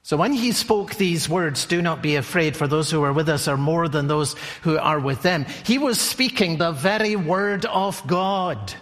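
A male preacher giving a sermon in a deliberate storytelling manner, often asking listeners questions. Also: a little high, lively intonation, fairly bright tone. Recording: long hall reverb.

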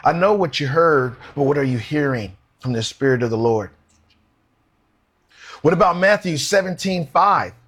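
A man preaching a sermon in an earnest, conversational way, asking the listeners questions and slowing down to read scripture aloud. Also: fairly high pitch, lively intonation, a bit bright, breathy edge.

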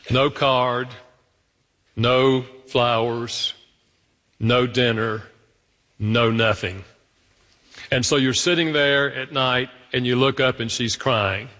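A man preaching a sermon as pastor, animated, swinging between loud stressed lines and slow soft asides. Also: mid-range voice, in a large hall.

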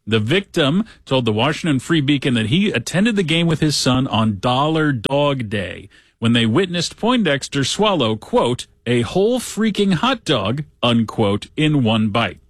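A man hosting a talk show, reading a news story aloud with sarcastic asides and lively quoting. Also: medium pitch, unhurried, dry recording. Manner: sarcastic, animated when quoting others. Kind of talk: casual commentary reading news.

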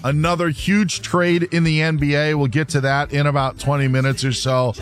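A man's voice: fairly high pitch, level tone, moderate pace, faint music behind. A man hosting a sports talk radio show, casual with dry sarcasm.

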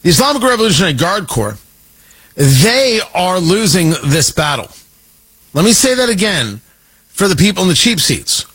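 A man's voice: high voice, very animated, normal speed, a bit bright, breathy edge, poor audio. A man delivering an opinionated political monologue, sarcastic and emphatic, repeating points for effect. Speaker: political commentator.

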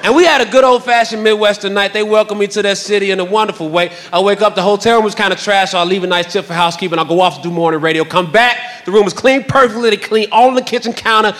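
Fast, high deadpan stand-up man. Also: a little hiss or hum. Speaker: stand-up comedian. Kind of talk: stand-up set.

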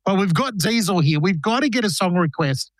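A man's voice: sits high, animated, a little fast, no room sound. A man hosting a radio show in casual banter, playfully telling dad jokes. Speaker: radio host.

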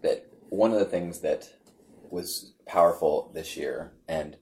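A man's voice: sits low, takes it slowly, darkish tone. A man in casual conversation, telling a story animatedly and often restarting his sentences with lots of fillers.

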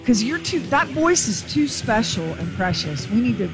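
A woman's voice: a little high, sing-song, moderate pace, music in the background. A woman co-hosting a radio show, talking with enthusiastic, rambling energy. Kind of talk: morning radio banter.

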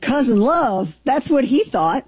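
A woman in her forties from Southern Missouri, co-hosting a chat show and telling family stories in a lively, laughing way. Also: high voice, measured pace, husky. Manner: animated storyteller, laughs easily. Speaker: talk show co-host. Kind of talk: casual chat, storytelling.

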